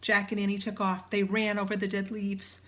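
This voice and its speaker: A woman reading a children's storybook aloud, hushed in quiet passages. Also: mid-range voice, monotone, normal speed. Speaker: audiobook narrator.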